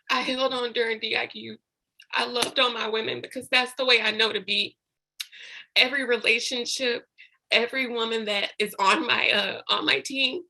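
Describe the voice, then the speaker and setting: A woman's voice: a little high, pushed and bright, low-quality recording. A woman leading her sales team on a video call, preaching with faith and fighting back tears. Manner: preachy, faith-filled, tearful. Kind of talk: emotional team call speech.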